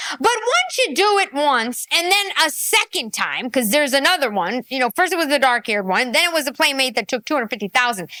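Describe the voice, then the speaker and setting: A woman hosting a reaction commentary, exasperated and animated, often laughing. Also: high voice, dry recording. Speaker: reaction host.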